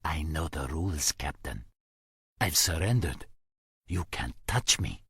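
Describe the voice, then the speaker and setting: A man's voice: rumbling low, lively intonation, unhurried, sharp tone, husky, no room sound, studio quality, exaggerated voice. A man voicing a smug, cornered militia captive who taunts and then screams in pain. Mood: taunting.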